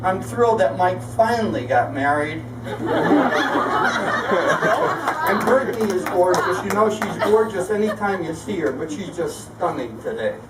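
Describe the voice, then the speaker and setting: A man's voice: high-pitched, animated, normal speed, hardly any pauses, heavy background noise. An older man giving a best man's toast at a wedding reception, telling folksy family stories. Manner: folksy storytelling. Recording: roomy hall, far from the mic, crowd. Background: guests laughing and chatting.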